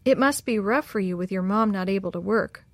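A woman's voice: medium pitch, dry recording, natural voice. A woman voicing a popular boy who speaks kindly and in a hurry, in a storybook reading. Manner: hurried, kindly. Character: popular friendly boy, shy.

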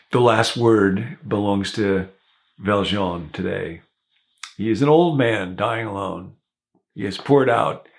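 A male pastor with a low voice and plenty of gravelly fry. He preaches in a reflective, storytelling way, retelling a story for his listeners. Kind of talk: sermon.

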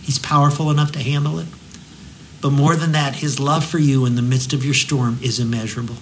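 A man giving a devotional sermon as a pastor, telling the story vividly and slowing into a hushed prayer. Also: mid-range voice, steady tone, a little hiss or hum, poor audio.

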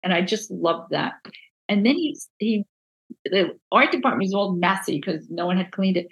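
Gravelly New Jersey woman telling stories. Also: medium pitch, normal speed, highs cut off. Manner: animated, acts out quoted voices, many restarts. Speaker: book designer, guest. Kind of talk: casual interview storytelling.

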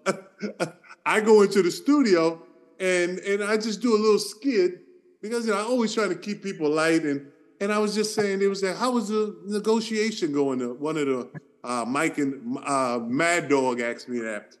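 A middle-aged man with a fairly high voice, co-hosting a podcast. He tells stories in a loose, animated way, laughs between lines and slips into voices for the people in them. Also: normal speed. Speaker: podcast co-host. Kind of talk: casual storytelling chat.

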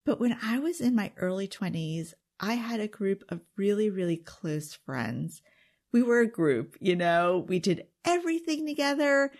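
Woman, self-help talker, earnest and confiding, mid-pitched voice, slips into whispers at times. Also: lively intonation, normal speed, a little mellow. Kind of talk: confiding direct-to-camera talk.

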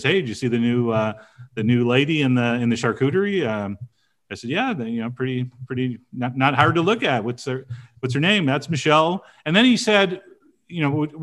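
Rambling storytelling middle-aged man. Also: medium pitch. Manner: rambling anecdotes with many fillers and restarts. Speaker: podcast co-host, chef. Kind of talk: casual storytelling chat.

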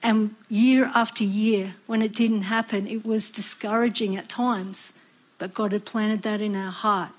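A woman preaching a sermon, earnest and expressive, sometimes acting out the voices of people in her story. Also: medium pitch, a little slow. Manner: expressive, acts out voices and cries.

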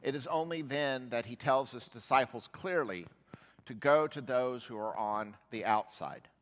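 A male pastor preaching a sermon, telling a Bible story and voicing its characters as he goes. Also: measured pace. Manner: storytelling, voicing quoted figures with shifts in pitch and loudness. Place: church sanctuary. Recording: long church reverb.

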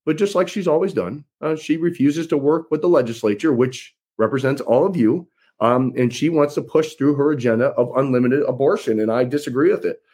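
Speaking to supporters on the campaign trail, this man running for office uses a folksy, emphatic style and repeats lines for impact. His voice is mid-range, a little fast and mellow, with a breathy edge.

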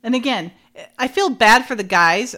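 A woman's voice: a little high, animated, normal speed, bright, forceful tone. A woman co-hosting a casual chat, retelling scenes with frequent laughter. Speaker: podcast co-host. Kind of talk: casual chat recapping a show.

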